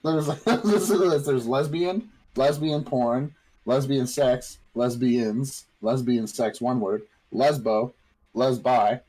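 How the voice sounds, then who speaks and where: A man's voice: mid-range voice, takes it slowly, darkish tone, slightly rough, rough recording. A man co-hosting a podcast in crude casual chat, giggly as he reads things out. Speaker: podcast co-host.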